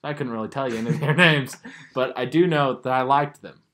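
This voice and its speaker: A man's voice: mid-range voice, fast, a bit bright. A man with a light Southern US accent, co-hosting a podcast in a casual, rambling way and filling his talk with "like.". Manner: rambling, filler-heavy, says "like" a lot. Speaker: podcast co-host. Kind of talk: casual chat.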